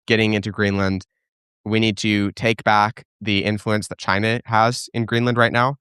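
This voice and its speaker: A young man with a lowish, smooth voice hosts a casual live stream and answers viewers' questions. He speaks in opinionated bursts, restarting his sentences as he works out his thoughts. The sound is dry and close to the microphone. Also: fairly bright tone, no room sound. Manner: opinionated, thinks aloud with restarts and fillers.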